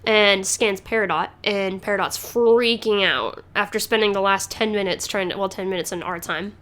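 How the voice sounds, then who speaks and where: Woman, podcast host, casual chat, rambling, lots of fillers, laughs a lot, mid pitch. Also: steady tone, moderate pace, fairly bright tone. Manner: chatty, rambling, many fillers and restarts, laughs often.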